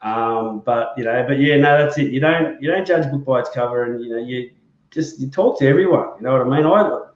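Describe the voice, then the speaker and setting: A man's voice: medium pitch, fairly quick. A man hosting a casual chat show, speaking in a hesitant way full of fillers. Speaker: host. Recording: roomy, dull lo-fi sound.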